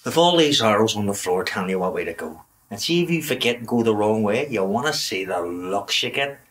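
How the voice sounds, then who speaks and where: An actor playing a grumpy, swearing middle-aged working-class dad with a Belfast accent, grumbling about lockdown rules. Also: male voice, fairly low pitch, animated, a little fast, fairly bright tone. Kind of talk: comedy drama acting.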